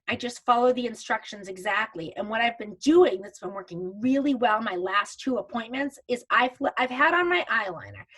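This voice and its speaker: A woman talks to her class over a video call, with a slightly high voice. She explains each step in a loose, chatty way and often restarts a sentence. Her delivery feels like casual live training. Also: fairly bright tone. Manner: chatty, walks through steps with restarts. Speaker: makeup consultant teaching a virtual class.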